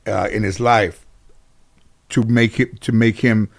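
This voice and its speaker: A middle-aged man telling long stories as a talk show guest, rambling and halting with fillers and restarts. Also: lowish voice, level tone, creaky. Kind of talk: casual storytelling.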